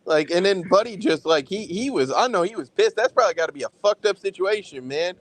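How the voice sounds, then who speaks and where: A man co-hosting a film review chat, talking in an animated, profane, slang-heavy way. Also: sits high, brisk, a little hiss or hum, rough recording. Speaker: podcast co-host reviewing films. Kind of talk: casual chat.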